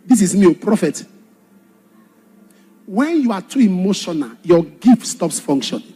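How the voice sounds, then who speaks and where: A man preaching a sermon and telling a personal testimony, dramatic, shouting some points and dropping low on others. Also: very animated, a little slow, husky. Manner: dramatic, shouts for emphasis then drops low. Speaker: pastor.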